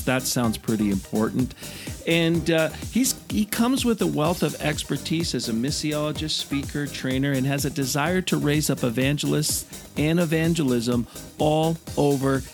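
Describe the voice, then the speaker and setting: A man's voice: medium pitch, moderate pace, darkish tone. Canadian man, podcast host, upbeat, friendly, faint music behind. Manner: upbeat, friendly, laughs easily. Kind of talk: conversational podcast interview.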